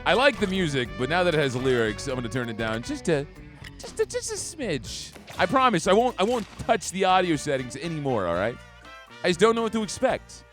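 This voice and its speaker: An excitable man gives joking let's-play commentary and reads the game text aloud. His fairly high voice rises and falls in a lively way. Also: quick pace. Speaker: gaming streamer. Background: game music.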